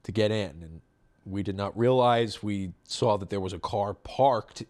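A man with a fairly low voice chats casually as a podcast co-host. He tells stories in a loose, rambling way and keeps a relaxed, easygoing delivery. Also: unhurried. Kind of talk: casual chat.

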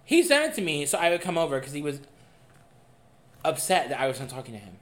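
A young man co-hosting a podcast, telling a dating story in a casual, animated and profane way. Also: on the high side, quick pace. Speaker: podcast co-host. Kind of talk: casual chat.

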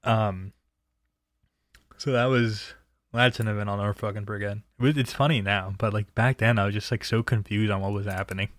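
A young man from New Jersey rambles through a story with lots of swearing and easy chatter. His voice sits a little low. The sound is dry and close, with no room around it. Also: fairly even intonation, fairly quick, fairly bright tone, no room sound. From New Jersey, USA. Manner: loose, profane and chatty, laughing at his own stories. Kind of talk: casual personal storytelling.

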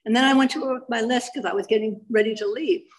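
An older woman giving a personal recovery testimony as a meeting speaker, telling her story with animated emphasis and repeated phrases. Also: on the high side, fast, low-quality recording.

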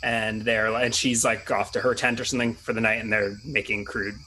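A man's voice: on the low side, level tone, fairly quick, pushed and bright, slight background noise, rough recording. A man playing a tabletop role-playing game, chatty and thinking aloud with many restarts. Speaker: player. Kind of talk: casual tabletop game play.

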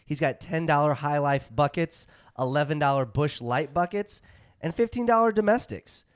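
A man's voice: moderate pace, clean tone, dry recording, clean studio sound. Upbeat podcast co-host man. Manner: upbeat, reads ads with a pitchman push. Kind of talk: casual chat.

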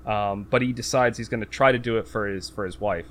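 A brisk man with a fairly low-pitched voice recaps a movie plot during a casual podcast conversation. His delivery rambles, packed with fillers and restarts, and he raises his voice when performing quotes.

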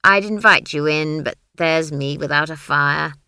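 A woman voicing a stern old village witch woman who talks bluntly and briskly in a rustic way. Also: low voice, sharp tone, clear, resonant tone, no room sound, clean studio sound, heavily acted.

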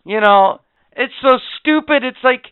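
A man's voice: very high-pitched, a little slow, clean tone, no echo. A man co-hosting a casual podcast chat, telling stories in an angry, profane rant. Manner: profane, ranting storyteller. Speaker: podcast co-host. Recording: tinny phone-like sound.

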